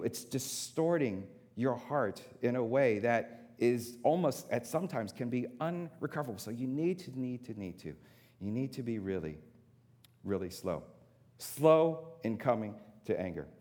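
A man's voice: mid-range voice, big pitch swings, moderate pace, a little mellow. Man preaching with emphatic repetition. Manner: emphatic repetition, conversational asides to congregation. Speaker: pastor. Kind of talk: sermon. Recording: long hall reverb.

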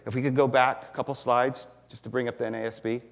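A pastor delivers an earnest sermon, working through a passage point by point and leaning hard on the key words. His mid-range voice is creaky and flat, and he talks fast. The recording carries a long hall reverb.

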